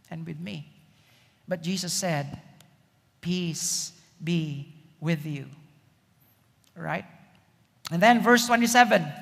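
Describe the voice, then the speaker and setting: A man preaching a sermon as pastor, slow and emphatic, checking in with the congregation as he goes. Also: high-pitched, gravelly, sharp tone, long reverb tail.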